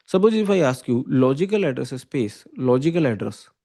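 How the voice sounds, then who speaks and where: A man's voice: medium pitch, big pitch swings, fairly quick, mellow. A man with an Indian English accent teaching an online lecture, explaining step by step and often checking with "okay?" and "right?". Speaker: computer science teacher.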